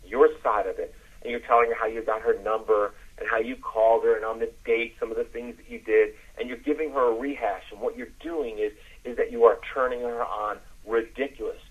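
A man coaching listeners on a podcast, dropping his voice low to demonstrate as he explains. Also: steady tone, brisk, slightly rough, phone-quality sound. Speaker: dating coach. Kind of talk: instructional podcast talk.

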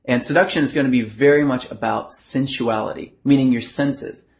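A man teaching in an instructional video, moving between a bright conversational voice and a lower, softer chest voice, with frequent "uh" fillers. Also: fairly even intonation, normal speed, creaky. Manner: shifts between a bright throat voice and a low, soft chest voice; earnest, explanatory, with filler words. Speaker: dating coach.

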